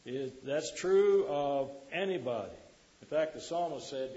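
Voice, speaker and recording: A man's voice: medium pitch, lively intonation, unhurried, mellow, lo-fi sound. A man preaching a sermon to a congregation, quoting scripture and putting questions to the listeners.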